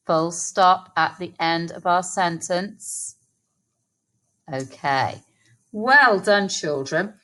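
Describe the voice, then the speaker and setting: An English woman teaching a phonics lesson to young children, sounding out words slowly and encouragingly. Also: on the low side, lively intonation, bright, forceful tone. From England. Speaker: primary school teacher.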